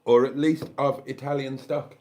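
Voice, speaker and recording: With a mid-range, darkish voice, fairly even intonation, and a normal speed, this older South Welsh man runs a casual live stream. He wanders as he thinks out loud and thanks those watching.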